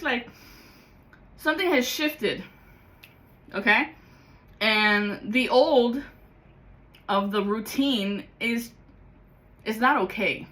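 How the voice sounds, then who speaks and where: A woman giving a rambling, excitable spiritual vlog monologue as a card-reading guide, swearing freely. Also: on the high side, very slow, pauses often, rough recording.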